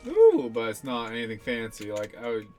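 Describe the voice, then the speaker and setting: A man's voice: medium pitch, wildly swooping pitch, normal speed, mellow, faint music behind. A young man casually talking through his own gameplay, rambling and self-deprecating, swearing now and then. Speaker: gaming channel host.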